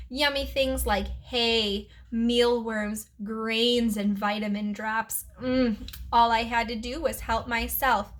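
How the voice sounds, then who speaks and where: A woman teacher reading a children's chapter book aloud, with lively storytelling and playful voices. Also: fairly high pitch.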